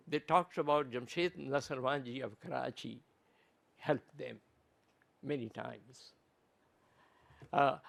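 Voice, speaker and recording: A man from Pakistan, giving an earnest, halting conference talk with many restarted phrases. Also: on the high side, creaky. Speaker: conference presenter.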